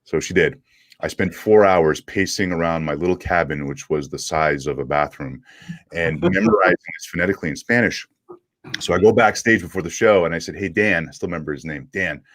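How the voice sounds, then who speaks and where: Deep-voiced French Canadian man. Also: a little fast, no room sound. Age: middle-aged. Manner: animated storyteller who acts out quoted dialogue. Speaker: guest. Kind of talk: casual storytelling in an interview.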